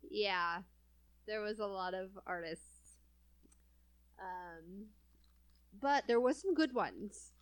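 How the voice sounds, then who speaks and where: Slow-talking woman in her thirties. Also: medium pitch. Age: 30s. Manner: laughs often, chatty and self-mocking. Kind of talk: casual chat.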